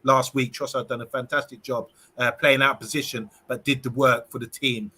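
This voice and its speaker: A man with a bright, forceful voice talks fast as a football panelist. He keeps it brisk, with lots of fillers between points. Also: mid-range voice, level tone. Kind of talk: casual football chat.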